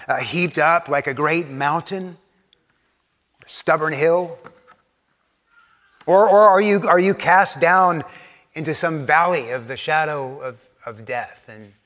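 A man preaching an earnest sermon as pastor, often repeating words as he restarts phrases, and dropping to a soft, hushed voice when he prays. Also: fairly high pitch, in a large hall. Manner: drops to a soft, hushed voice for prayer.

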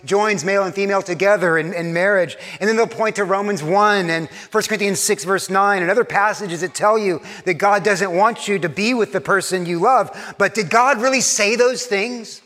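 A man preaching a sermon in earnest, pressing hard on key points and then dropping to a hushed, soft voice. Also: sits high, moderate pace, few pauses, long reverb tail. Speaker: pastor.

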